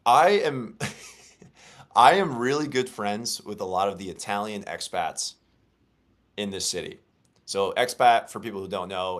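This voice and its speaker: Low-voiced young podcast host. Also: male voice, a bit bright. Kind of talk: casual sports chat.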